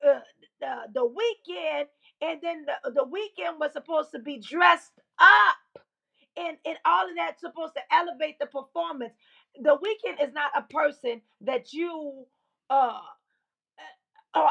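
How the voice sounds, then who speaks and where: A woman's voice: high voice, creaky, a bit bright. A woman hosting a casual live stream, chatty and playful, laughing as she greets viewers and talks. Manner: hype, chanting greetings and calls to share. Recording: dull lo-fi stream audio.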